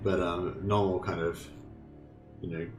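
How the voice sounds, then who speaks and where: An Australian gameplay streamer talks casually over a strategy game, thinking aloud and swearing now and then. His voice sits low with little pitch movement and a slightly slow pace. The room echoes, and faint game music plays underneath.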